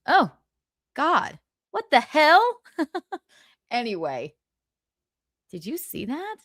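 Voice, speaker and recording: A woman with a lively, bouncing voice hosts a casual gossip livestream. She is blunt and sarcastic and swears freely. Her voice is close and dry. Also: high-pitched, slow pace, dry recording. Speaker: livestream host.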